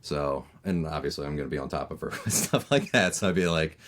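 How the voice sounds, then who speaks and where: A man in his thirties from Maryland with a neutral American accent, chatting casually as a voice actor guest on a podcast, with lots of fillers and lively storytelling. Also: extremely low pitch, a little fast. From Maryland, USA. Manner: chatty, lots of fillers, animated when telling stories.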